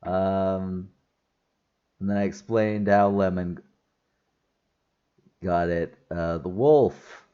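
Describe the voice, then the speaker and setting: A man's voice: sits low, steady tone, extremely slow, pauses often, dark tone, clean tone, dull audio. A man giving a casual spoken movie review, chatty, with frequent laughs and restarted sentences.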